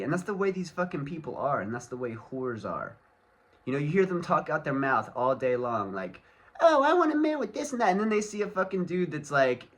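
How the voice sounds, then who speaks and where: A man's voice: medium pitch, pushed and bright. A man with a mid-range voice vents straight to the camera in a solo vlog rant. His talk is angry and laced with swearing. He rambles loosely from point to point, padding it with fillers. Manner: angry, profane ranting. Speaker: vlogger.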